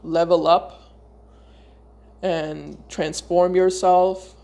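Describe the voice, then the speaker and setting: A woman giving a casual tarot reading to her viewers. She talks in a loose, searching way, often pausing and repeating words before going on. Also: on the low side, level tone, vocal fry, warm tone. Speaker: tarot reader.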